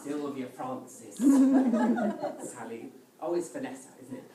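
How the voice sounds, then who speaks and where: A man doing comic cabaret at a piano in a live show, teasing the audience with quick, camp asides. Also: mid-range voice, very noisy. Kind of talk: stand-up musical comedy with audience banter. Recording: roomy live venue, taped from a distance. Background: audience laughing and piano playing.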